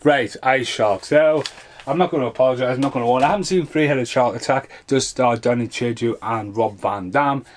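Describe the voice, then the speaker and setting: A man's voice: mid-range voice, fairly quick. A man casually reviewing bad films, sarcastic and swearing constantly. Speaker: film reviewer.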